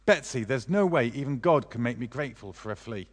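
An alarmed, exasperated young woman prisoner, read aloud by a man. Her exclamations jump up in pitch, one after another. The voice rings out with the long tail of a big hall. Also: brisk, breathy edge. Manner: excited exclamations, rising pitch. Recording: long reverb of a large hall.

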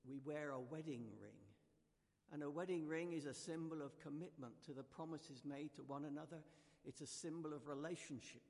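A man with a slightly high, gravelly voice preaching in an echoing church. He speaks gently and conversationally, leading the congregation to join in. The long reverb of the hall trails after his words. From United Kingdom. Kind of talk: sermon.

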